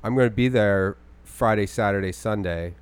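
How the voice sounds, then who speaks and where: A young man co-hosting a podcast, chatting casually in a rambling, animated way. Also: normal speed, clean tone. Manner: rambling, animated, mimics his grandma in a high voice. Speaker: podcast co-host and stand-up comic.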